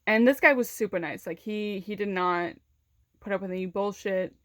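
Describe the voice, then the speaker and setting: A woman's voice: medium pitch, normal speed, dry recording, clean studio sound. A young woman vlogger candidly recounting a personal story in casual speech, with many fillers and restarts. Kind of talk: storytime vlog.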